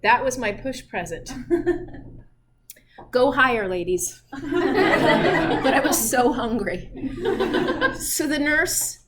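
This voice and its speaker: A woman's voice: high voice, animated, very slow, pauses often, noisy background. A middle-aged woman teaching physiology in a chatty style, telling personal stories and laughing often. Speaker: physiology instructor. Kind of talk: lecture with personal anecdotes.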